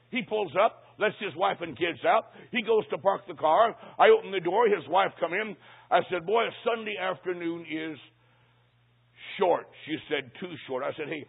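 A man with a fairly high, gravelly voice preaches, spinning a humorous story and dropping into hushed, lower tones for the other characters. His voice is husky, and the recording sounds thin and tinny, like a phone line. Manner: storytelling, acting out dialogue in hushed low voices.

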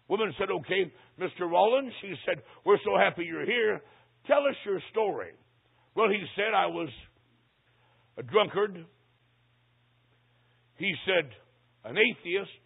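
Gravelly older man preaching a story. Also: sits high. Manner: dramatic storyteller, slows for emphasis. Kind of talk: sermon storytelling. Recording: tinny phone-like recording.

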